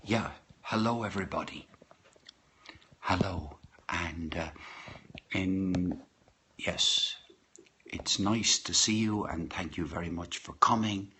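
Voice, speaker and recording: An Irish man hosts a live poetry stream from his home kitchen, chatting casually into his phone. His voice is low, bright, and forceful, though he greets viewers by name in a rambling, hesitant way.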